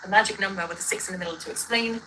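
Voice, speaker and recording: Fast, bright-voiced ranting woman. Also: mid-range voice, slight background noise, low-quality recording. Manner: rambling, combative, self-correcting. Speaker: livestreamer in a dispute. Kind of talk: ranting reaction video.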